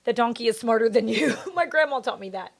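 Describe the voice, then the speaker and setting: Woman co-host laughing a lot, fairly high voice that swings around. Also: animated, fairly quick, creaky, background noise. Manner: laughs often, protesting good-naturedly. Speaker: podcast co-host. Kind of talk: casual chat.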